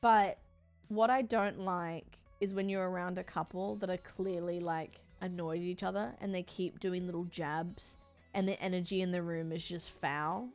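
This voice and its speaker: A woman's voice: on the low side, fairly even intonation, moderate pace, a little mellow, soft background music. A woman streamer chatting casually while she plays, rambling and frank, swearing freely with lots of fillers. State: sore body.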